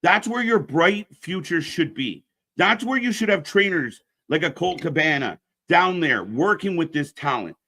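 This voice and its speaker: A man hosts a casual live wrestling stream in a bright, forceful voice that sits a little high. He rants bluntly and swears freely. Between rants he plugs the channel's upcoming shows. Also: animated, unhurried, vocal fry. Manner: pitches channel shows to viewers.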